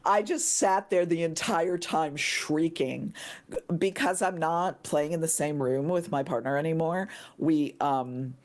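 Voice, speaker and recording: A woman in casual podcast chat, excitable and gushing, now and then shrieking with delight. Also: sits low, unhurried. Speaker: podcast guest.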